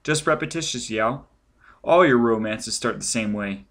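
A man reading an audiobook, putting on the voices of teasing male intelligence crewmen, pitched higher and louder than his narration. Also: lively intonation, normal speed.

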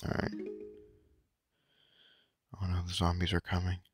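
A man giving slangy, boastful, rambling let's-play commentary in a hushed voice late at night, with a frog in his throat and his voice cracking. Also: deep voice, monotone, measured pace. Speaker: gamer. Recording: game music playing clearly underneath. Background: game music.

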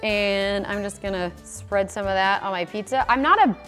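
A woman's voice: medium pitch, moderate pace, fairly bright tone, soft background music. A woman producer reviewing a kitchen gadget in a casual vlog, chatty and playful, thinking aloud with lots of "like"s. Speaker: food video producer testing a kitchen gadget.

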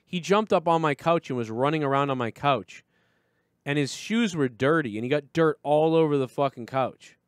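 Brief: swearing New host, slightly high voice, dry close sound. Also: male voice, normal speed, no room sound. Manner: profane, rambling storytelling. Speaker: live show host. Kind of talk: casual chat.

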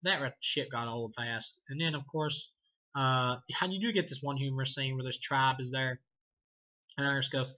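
A man's voice: mid-range voice, moderate pace, pushed and bright, dull audio. A man casually reviewing a movie, rambling, swearing and laughing often as he talks. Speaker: film reviewer.

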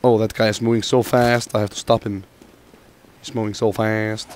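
A man's voice: fairly low pitch, brisk. Gamer guy, sore throat, jokey running commentary over play, faint noise floor. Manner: jokey, excitable, talks to teammates and himself. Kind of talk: gameplay commentary.

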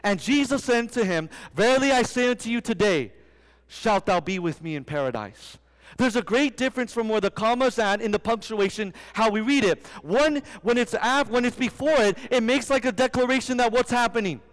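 A man's voice: very high voice, lively intonation, normal speed. A young man preaching a sermon, often quizzing the congregation with rhetorical questions. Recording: long hall reverb.

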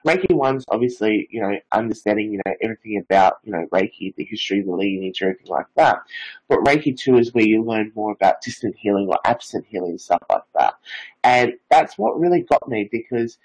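Husky-voiced young man telling stories. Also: on the low side, lively intonation, fairly quick, darkish tone, low-quality recording. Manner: rambling, peppered with filler phrases. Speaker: psychic medium and Reiki master guest. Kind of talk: casual storytelling interview.

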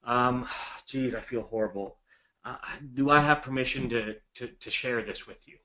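A man acts out an anxious investor who keeps apologizing. He stammers, sighs, and lets his voice drop low and quiet, sounding hesitant throughout. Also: moderate pace, natural voice. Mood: apologetic. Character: apologetic, anxious male real estate investor.

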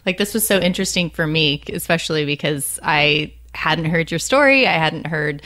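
A woman's voice: low-pitched, expressive, moderate pace, bright, forceful tone. Enthusiastic woman podcast co-host. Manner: enthusiastic, playful. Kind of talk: casual interview talk.

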